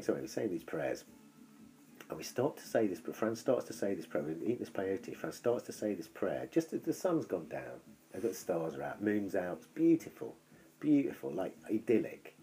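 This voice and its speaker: A man's voice: deep voice, sing-song, moderate pace, mellow. A man telling a long, rambling story in casual chat, swearing freely as he goes.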